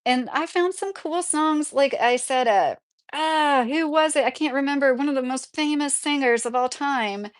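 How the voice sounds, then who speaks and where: A woman's voice: sits high, moderate pace. Woman, livestream host, rambling chatty delivery, answers viewers by name. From Kentucky. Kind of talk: casual live-chat talk.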